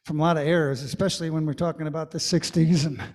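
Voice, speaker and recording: A man's voice: a little high, fairly even intonation, fast talker, darkish tone, in a large hall. A man in his sixties who sings and jokes, telling rambling stories between songs on a live-streamed comedy music show. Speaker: singer-songwriter and comedy host.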